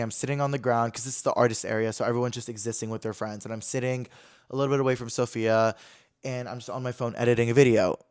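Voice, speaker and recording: A young man hosting his own podcast, telling a story in casual chat, full of fillers and acting out quotes in higher voices. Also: smooth. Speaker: podcast host.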